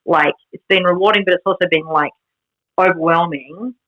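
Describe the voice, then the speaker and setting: A woman who is a jiu-jitsu black belt, telling stories in casual podcast chat, animated and peppered with "like" and laughter. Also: fairly low pitch, normal speed, lo-fi sound. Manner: animated storytelling, heavy use of "like", frequent laughs.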